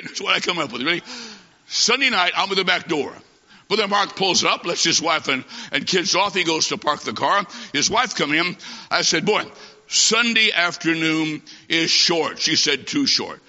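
Bright-voiced preacher in an echoing hall. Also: male voice, high-pitched. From half Italian. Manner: animated comic storyteller, acts out dialogue. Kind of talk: humorous sermon storytelling. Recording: dull recording in a long-echoing hall.

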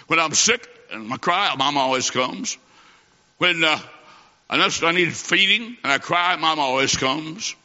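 A man's voice: fairly high pitch, pushed and bright. A man preaching a sermon, telling stories with emphasis and acting out quoted lines. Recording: muffled recording in a large hall.

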